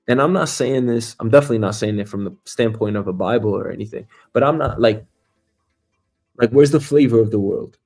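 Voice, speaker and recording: A comedian hosts a news talk stream in a mid-range, slightly mellow voice, talking fairly quickly over soft background music. His commentary is casual and profane, rambling along with plenty of swearing and filler words.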